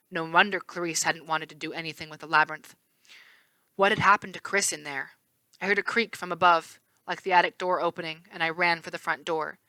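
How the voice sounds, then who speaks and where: A woman reading a novel aloud in first person, expressive, with the odd slip and restart. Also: lowish voice, no room sound. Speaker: read-aloud narrator.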